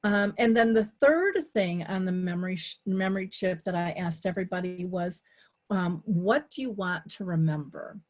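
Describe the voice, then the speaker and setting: A woman, a dementia care advocate, telling a story as a guest in a conversational interview. She acts out her own quoted thoughts and moves between quick asides and slow, deliberate points. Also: fairly low pitch. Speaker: dementia care advocate and talk show host, here as a guest.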